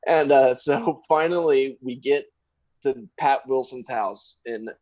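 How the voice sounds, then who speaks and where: A man's voice: medium pitch, slow, darkish tone, no room sound, rough recording. A young man co-hosting a podcast, telling a story in a casual, profane way and acting out what people said. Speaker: podcast co-host.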